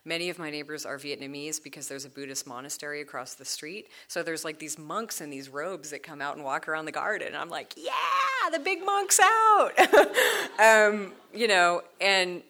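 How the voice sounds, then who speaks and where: A woman telling stories in a casual conversation, animated and laughing, often acting out the voices of people she quotes. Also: low-pitched, brisk, few pauses. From United States.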